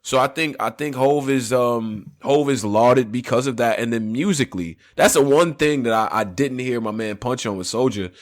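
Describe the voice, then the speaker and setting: A man hosting a casual podcast debate, talking in a laid-back, slangy way, his pitch swinging up and down as he muses. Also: moderate pace, hardly any pauses. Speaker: podcast host and debate moderator.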